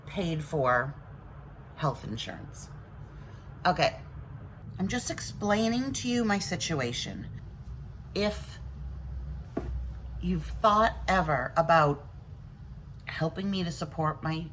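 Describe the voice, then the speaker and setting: A woman vlogging straight to her viewers in a blunt, defensive manner. Her pitch sits in the middle of the range. A faint hiss runs under her talk. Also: fairly bright tone, low-quality recording. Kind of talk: casual venting to camera.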